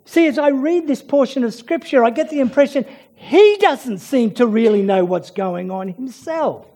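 A male preacher giving a sermon, expressive, with dramatic pauses and frequent restarts. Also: extremely high pitch.

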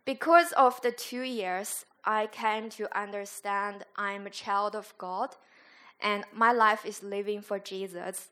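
A woman school chaplain giving an earnest, halting church testimony, sometimes searching for her words. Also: medium pitch, steady tone, fairly bright tone.

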